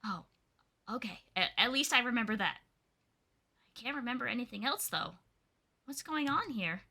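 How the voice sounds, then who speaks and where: A woman voicing a confused young turtle creature with lost memory, reading game lines in a soft, hushed way. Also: a little high, expressive, normal speed, gravelly, exaggerated voice. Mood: bewildered.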